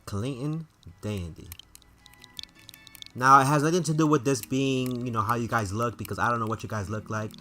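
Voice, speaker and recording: A man's voice: medium pitch, moderate pace, sharp tone, faint music behind. A man streaming a game and chatting casually with his viewers, laughing often. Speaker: gaming streamer. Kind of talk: casual live-stream chat.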